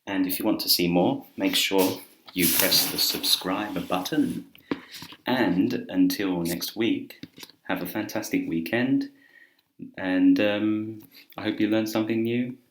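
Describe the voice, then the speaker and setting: A man teaching an English grammar lesson in a relaxed, chatty way with filler words, speaking to camera indoors. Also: on the low side, slow, a little hiss or hum. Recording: roomy echo.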